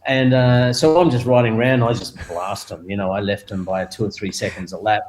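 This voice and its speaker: The audio is poor, with a little hiss or hum, as an older Australian man who once raced motorcycles tells an interview story a little fast. He gets animated, laughing and mimicking others in a raised voice.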